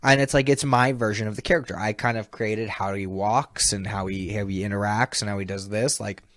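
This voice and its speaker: A man, a comedian, telling stories in a casual podcast chat. He laughs often and acts out quoted people with sudden high voice jumps. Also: fairly even intonation, fairly quick, a bit bright, no echo, studio quality. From California. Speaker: comedian and baseball mascot performer, podcast guest. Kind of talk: animated storytelling in a casual chat.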